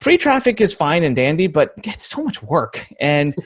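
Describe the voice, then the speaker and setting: A man's voice: a little high, very animated, normal speed. A man in his thirties hosting a podcast interview, talking in an easygoing, joking way. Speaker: podcast host.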